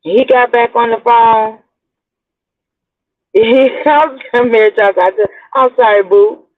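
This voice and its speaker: A woman's voice: a little high, fairly even intonation, a little slow. A middle-aged woman hosting her own show, telling a personal story in a rambling, chatty way and talking straight to her listeners. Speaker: blogger host. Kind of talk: casual storytelling to viewers. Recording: tinny phone-like audio.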